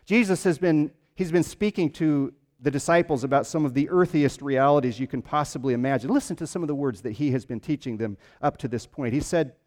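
A man preaching a sermon, telling stories with lively emphasis and frequent restarts. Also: on the high side, fairly quick, few pauses, in a large hall. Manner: animated storytelling with repeated restarts.

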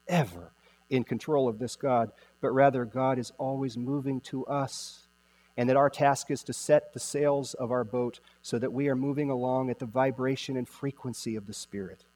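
A man's voice: mid-range voice, fairly even intonation, a little mellow. Man preaching in an echoing church. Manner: emphatic, repeats key phrases with dramatic slowing. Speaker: pastor. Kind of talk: sermon.

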